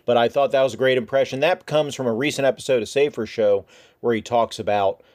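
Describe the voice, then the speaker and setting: A man's voice: mid-range voice, quick pace, a little mellow. A man hosting a podcast, talking casually and rambling a little, with frequent restarts. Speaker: podcast host.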